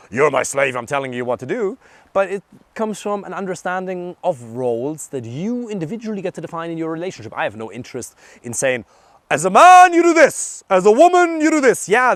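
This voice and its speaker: A man's voice: on the high side, a bit bright, no echo. A young adult man, a dating coach, giving blunt and emphatic advice in a direct monologue, swearing for emphasis.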